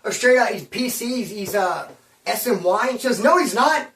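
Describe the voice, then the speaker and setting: A man's voice: high voice, lively intonation, normal speed, fairly bright tone, recorded from a distance. Slangy man telling street stories, echoey room. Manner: rambling slang-heavy street talk, acts out quoted voices. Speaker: storyteller recounting prison-life stories. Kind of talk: casual storytelling monologue.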